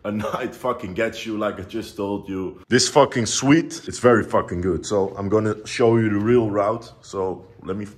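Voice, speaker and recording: A man's voice: fairly low pitch, normal speed, hardly any pauses. A young man vlogging and coaching from a hotel, talking in a brash, profane, confrontational way. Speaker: vlogger and online business coach. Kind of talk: casual vlog, motivational rant. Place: hotel gym and suite, indoors.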